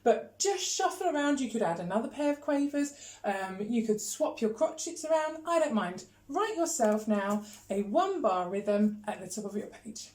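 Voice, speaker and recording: A woman leads a video music lesson, counting in beats and sounding out rhythms in steady chants. Her voice sits fairly high for a woman. It carries the echo of a bare room. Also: moderate pace. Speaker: music teacher. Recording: echoey room.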